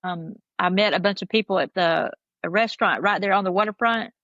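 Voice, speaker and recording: A woman's voice: mid-range voice, fairly quick, no room sound, muffled recording. A woman from South Carolina with a strong Southern accent, a podcast guest telling stories in casual chat and acting out what people said. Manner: animated storyteller, acts out quotes.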